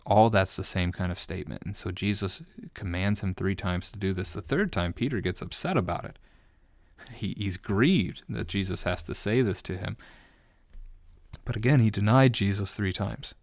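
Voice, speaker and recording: A man's voice: fairly low pitch, moderate pace, no echo, studio quality. A man, a pastor, giving an unscripted bible study commentary, thinking aloud and often restarting his phrases.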